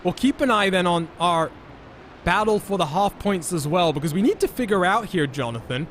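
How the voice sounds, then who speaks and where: A man calling live sim racing as lead commentator, with energetic play-by-play that he hands over to his co-commentators. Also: high voice, normal speed, slight background noise.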